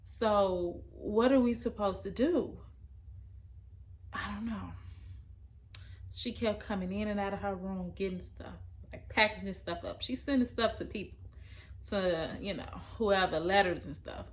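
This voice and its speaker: A young adult woman tells a personal story in casual speech. Her delivery is emotional and halting, and her voice sits at a middle pitch. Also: a little hiss or hum.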